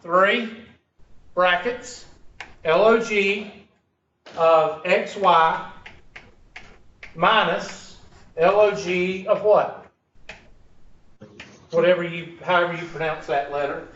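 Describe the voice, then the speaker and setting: A high-pitched man with a drawl teaches a math class, cracking jokes and firing questions at his students. He is picked up from across an echoey classroom, and the sound is muffled with a faint hiss. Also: slow pace, pauses often, fairly bright tone, distant mic. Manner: joking, teasing, quizzes the class. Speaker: math instructor. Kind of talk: classroom lecture.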